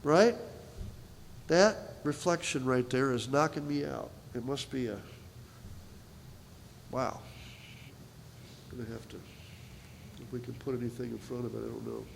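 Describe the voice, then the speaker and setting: A man's voice: mid-range voice, measured pace, gravelly, long pauses, slight background noise. A male pastor preaching a sermon in a church, in a conversational style with frequent "right?" asides to the congregation. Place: church sanctuary. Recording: long reverb of a large hall.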